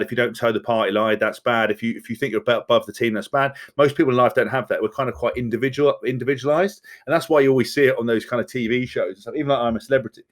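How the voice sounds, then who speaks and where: A man in his thirties, a former rugby player from England, talking bluntly and with swearing as a podcast guest. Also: medium pitch. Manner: blunt, profane, fast-talking. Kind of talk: candid podcast conversation.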